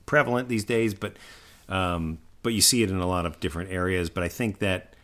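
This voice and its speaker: A man's voice: low-pitched, fairly quick, fairly bright tone. A middle-aged man co-hosting a podcast in casual chat, reflective and hesitant, with many fillers. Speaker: podcast co-host.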